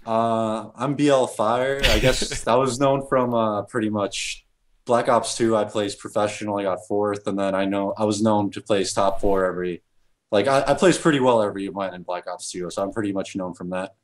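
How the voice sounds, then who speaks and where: A man's voice: fairly low pitch, fairly even intonation, moderate pace. A man answering interview questions as a professional gamer, hesitant and full of restarts.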